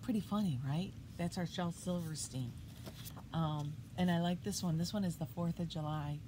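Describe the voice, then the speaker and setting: A middle-aged woman teacher reading poems aloud to children, booming out the sound words and asking them questions. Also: normal speed, noisy background. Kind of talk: read-aloud poetry lesson for children. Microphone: iPad.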